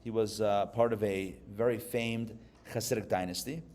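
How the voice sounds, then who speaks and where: A man from Pittsburgh, a rabbi giving a live class, who tells stories and jokes in an animated way. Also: lowish voice, moderate pace. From Pittsburgh, USA. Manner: animated, joking storyteller. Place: live class before an audience.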